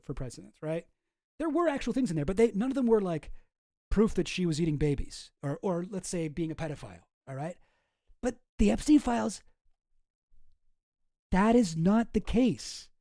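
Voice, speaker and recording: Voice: medium pitch, mellow, dry recording, studio quality. Sarcastic streamer from Canada. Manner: rambling, profane, sarcastic. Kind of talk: casual political commentary.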